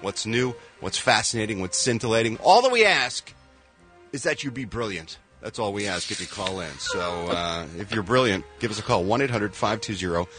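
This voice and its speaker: A man hosting a radio show, joking around with deadpan mock-solemn asides. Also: on the low side, normal speed, soft background music. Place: radio studio.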